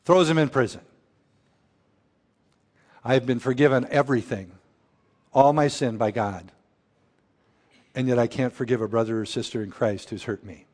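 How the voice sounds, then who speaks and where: A man preaching an earnest sermon, often dropping his voice low and slow for quoted prayers. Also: a little mellow. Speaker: pastor.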